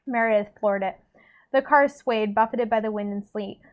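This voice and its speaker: A woman reads a novel aloud in a relaxed, casual way, her voice slightly high. She stumbles over words and corrects herself as she goes. The recording is dull and lo-fi. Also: normal speed. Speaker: reader.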